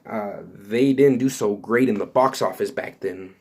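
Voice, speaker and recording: A man hosting his own channel, talking excitedly and rambling with lots of fillers and restarts. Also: fairly low pitch, measured pace, gravelly. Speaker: YouTube host. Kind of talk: excited casual vlog commentary.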